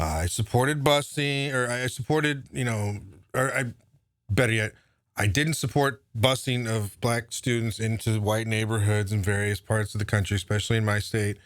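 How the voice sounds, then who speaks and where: A man putting on a clumsy older male politician giving a halting, rambling apology. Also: medium pitch, a bit bright, no room sound, studio quality, pitched below the performer's own voice, lightly acted.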